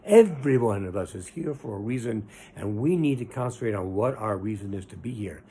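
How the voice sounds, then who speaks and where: A man's voice: lowish voice, expressive, mellow, husky. A man giving an informal, earnest Torah lesson as a rabbi, talking conversationally and stretching out the words he stresses. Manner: earnest, conversational, drawn-out emphasis.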